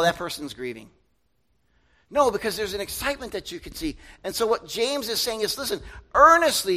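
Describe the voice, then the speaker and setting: Bright-voiced young preacher, high and lively. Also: male voice, poor audio. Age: young adult. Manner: conversational, asks the congregation questions; acts out loud shouted voices and asides. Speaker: pastor. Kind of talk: sermon.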